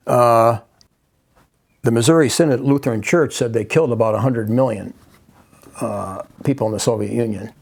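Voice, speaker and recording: Older man telling a story haltingly. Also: mid-range voice, gravelly, a little mellow, breathy edge. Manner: halting, many restarts and asides. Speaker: guest. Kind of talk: personal storytelling.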